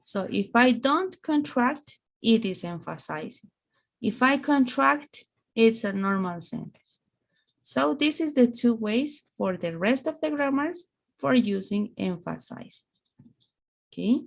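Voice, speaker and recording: A woman teaching English grammar in an online lesson, speaking slowly and explaining through examples. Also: on the high side, expressive, vocal fry.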